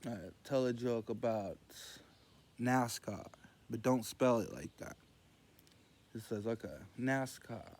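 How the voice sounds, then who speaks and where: A man telling rambling jokes in casual storytelling, meandering and loose as he quotes others in a low murmur. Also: takes it slowly, a little mellow.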